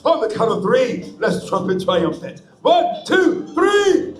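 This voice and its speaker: A grand, playful troupe leader. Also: male voice, high voice, expressive, moderate pace. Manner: grand, theatrical, leading crowd chants. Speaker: live show performer. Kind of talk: live theme park show. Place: outdoor theme park stage. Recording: roomy space with music.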